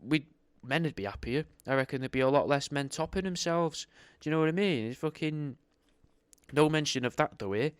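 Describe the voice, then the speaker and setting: Young male host, sarcastic reader who swears freely; smooth voice, dry close recording. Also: fairly high pitch, animated, a little fast, no room sound. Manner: sarcastic, swears a lot, rambling asides. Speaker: host reading a book aloud. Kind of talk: reading aloud with off-the-cuff commentary.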